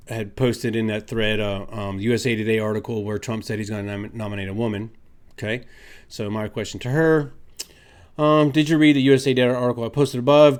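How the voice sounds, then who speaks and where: A man giving an opinion commentary vlog, sarcastic and argumentative, ranting emphatically. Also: mid-range voice. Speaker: vlogger.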